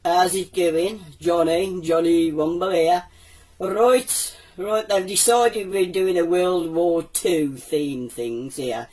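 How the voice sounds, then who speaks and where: A man's voice: sits high, fairly even intonation, slow, darkish tone, distant mic, low-quality recording. A man voicing an old male womble puppet who tells cheeky wartime jokes in a Black Country accent. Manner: cheeky joke-teller, does voices for his characters. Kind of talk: comic puppet storytelling.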